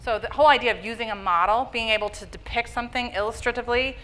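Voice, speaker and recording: A woman giving a public lecture on education, explaining in a lively way and checking in with the audience with "okay?" and "right?". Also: on the high side, very fast, a little hiss or hum, low-quality recording.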